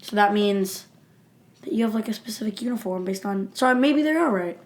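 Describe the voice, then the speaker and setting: A young woman chats as a podcast co-host. She thinks out loud, poses questions as she goes, and lets her sentences trail off unfinished. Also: medium pitch, lively intonation, normal speed. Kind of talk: casual chat.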